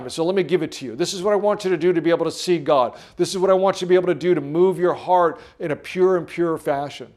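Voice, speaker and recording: Earnest preaching man, slightly high voice. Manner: earnest, repetitive preaching with pauses and restarts. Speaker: pastor. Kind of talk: sermon.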